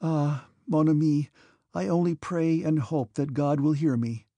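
Timid devout young princess voiced by a man, raised gentle pitch, gravelly edge, earnest and pleading. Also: steady tone, unhurried, no echo. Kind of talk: audiobook character reading.

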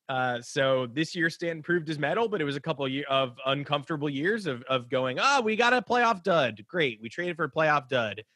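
A man's voice: fairly high pitch, sharp tone, no room sound. A man co-hosting a sports podcast, rambling and joking, with lots of restarts and fillers. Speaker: podcast co-host. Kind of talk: casual sports chat.

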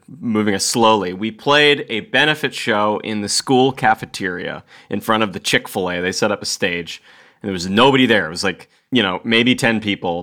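Brief: young man, podcast bandmate, rambling storyteller, lowish bright voice. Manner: rambling anecdotes with laughs. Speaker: band member co-hosting a podcast. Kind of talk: casual chat.

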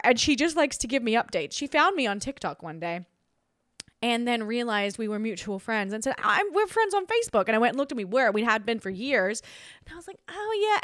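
A woman's voice: a little high, a bit bright, no room sound, clean studio sound. A young Australian woman hosting a podcast, chatting casually on her own, giggly and rambling with frequent restarts. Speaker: podcast host. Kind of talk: casual solo chat.

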